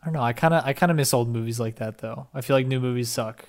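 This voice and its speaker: A young man co-hosting a podcast in casual chat, excitable and rambling, with casual swearing. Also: mid-range voice, quick pace. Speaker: podcast co-host.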